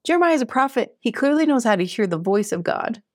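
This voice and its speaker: A woman's voice: fairly high pitch, big pitch swings, fast, no echo, studio quality. A woman in her thirties hosting a podcast, teaching scripture in a casual, earnest way, often laughing and acting out quotes. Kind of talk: casual scripture study talk.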